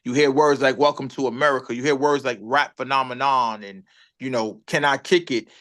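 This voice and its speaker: A man's voice: mid-range voice, a little fast. A man from Brooklyn, a rapper telling a story in a casual interview and acting out what others said. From Brooklyn, New York. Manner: animated storyteller, acts out other people's lines. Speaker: rapper guest.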